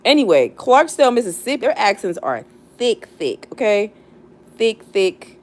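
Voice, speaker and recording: A woman's voice: medium pitch, big pitch swings, moderate pace. A young woman hosting a casual live stream, chatting and reflecting with many fillers and restarts. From United States, not the South. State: near tears. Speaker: livestream host.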